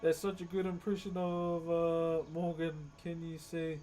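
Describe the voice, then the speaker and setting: A man's voice: fairly high pitch, steady tone, normal speed, hardly any pauses, a little mellow, faint music behind, low-quality recording. A man chatting casually on a live stream, greeting viewers and laughing often. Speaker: livestreamer and wood carver.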